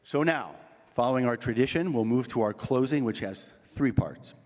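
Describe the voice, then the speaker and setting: An American man giving a measured, deliberate formal address at a graduation ceremony, with frequent ums and uhs. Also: medium pitch, expressive, darkish tone. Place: large graduation hall. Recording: long reverb of a large hall.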